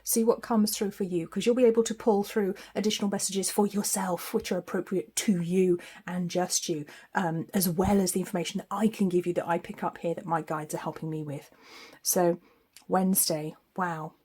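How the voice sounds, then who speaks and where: A woman's voice: on the low side, fairly even intonation, moderate pace, darkish tone, breathy edge. A woman giving a weekly psychic tarot forecast in a chatty, spiritual way, laughing often.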